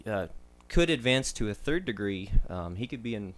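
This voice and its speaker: A man's voice: on the low side, expressive, fairly bright tone. Young man explaining sports injuries. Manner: measured, explanatory, with frequent ums and uhs. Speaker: medical contributor on a sports podcast. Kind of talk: casual podcast discussion.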